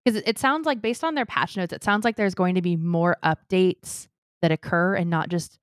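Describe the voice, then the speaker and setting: A woman's voice: lowish voice, normal speed, no echo, clean studio sound. Chatty woman co-hosting a podcast. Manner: chatty, animated storytelling with quoted voices. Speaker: podcast co-host. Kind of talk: casual chat.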